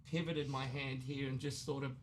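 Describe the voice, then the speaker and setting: A man in his forties with an Australian accent, telling wild work stories in casual chat, animated and swearing, acting out the people he quotes. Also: mid-range voice, normal speed, a little hiss or hum. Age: 40s. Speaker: tattoo artist guest. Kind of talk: casual storytelling.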